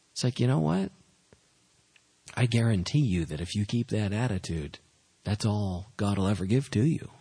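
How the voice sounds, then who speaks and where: A man's voice: fairly low pitch, dark tone, husky. A man preaching a sermon, joking and acting out little scenes as he teaches. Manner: humorous, acts out little scenes in asides. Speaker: pastor.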